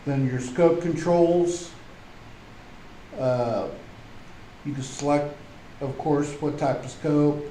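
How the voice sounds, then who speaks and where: A man presenting at a club meeting, slowly and haltingly reading through software menu settings. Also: on the high side. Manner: slow, halting, reads off menu items. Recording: roomy meeting hall, faint hum.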